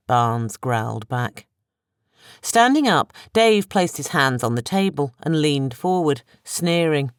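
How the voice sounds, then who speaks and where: An audiobook narrator reading a novel in steady, expressive scripted narration on a close studio microphone. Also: medium pitch, a little slow, smooth, dry recording.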